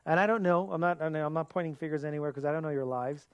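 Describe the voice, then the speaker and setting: A man's voice: a little high, quick pace, dry recording, lo-fi sound. A man giving a sermon as a pastor, earnest, asking his listeners rhetorical questions.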